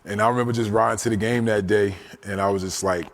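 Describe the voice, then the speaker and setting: A man in his forties, a guest telling a personal story in a casual, animated way. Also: on the low side, quick pace. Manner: animated storyteller, often says "you know what I'm saying".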